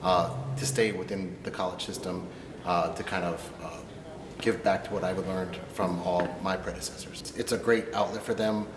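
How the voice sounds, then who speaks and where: Deep-voiced man in an echoey hall. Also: steady tone. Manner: thoughtful, many "uh" pauses. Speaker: choir director. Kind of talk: interview soundbite. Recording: echoey hall, noisy background.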